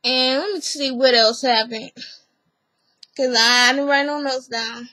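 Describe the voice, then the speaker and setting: A woman chatting casually to camera as she recaps a TV episode. Her voice sits high and bright, and she acts out each person's lines with animated energy. She laughs often along the way. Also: unhurried, no room sound, rough recording. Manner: animated storyteller who acts out other people's lines. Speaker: vlogger recapping a reality TV episode.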